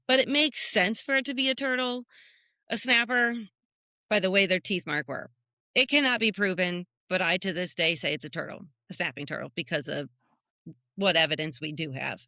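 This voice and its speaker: A woman from the United States, co-hosting a podcast, telling animated stories in a casual chat and jumping up high when she quotes people. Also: no echo, clean studio sound. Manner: animated storyteller who jumps high when quoting people. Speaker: podcast co-host.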